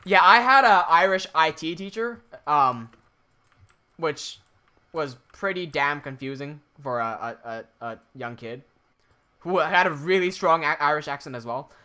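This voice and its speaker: Bright-voiced man chatting on a livestream. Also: fairly high pitch, animated, unhurried. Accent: American-sounding English. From Hong Kong. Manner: chatty, reads viewer messages aloud, many restarts. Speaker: Minecraft livestreamer. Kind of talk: casual livestream chat while building.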